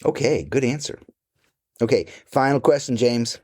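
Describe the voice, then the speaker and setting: A man voicing a mock-serious male interviewer in a lower, deadpan voice. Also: normal speed, natural voice.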